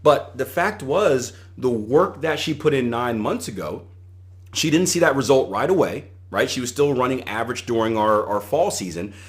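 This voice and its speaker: A man's voice: mid-range voice, animated, moderate pace. A middle-aged man hosting a solo podcast, giving conversational coaching advice and retelling anecdotes with animation. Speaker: podcast host and trading coach.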